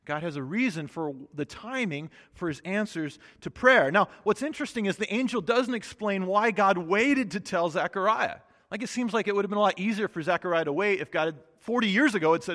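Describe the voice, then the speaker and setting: A man with a high voice preaches in a relaxed, conversational way, joking and restarting his phrases as he explains scripture. His voice rings with a long reverb, as if he is in a church hall. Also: a little fast, hardly any pauses. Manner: casual, chatty preaching with restarts and humor. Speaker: pastor. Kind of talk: sermon with Bible reading.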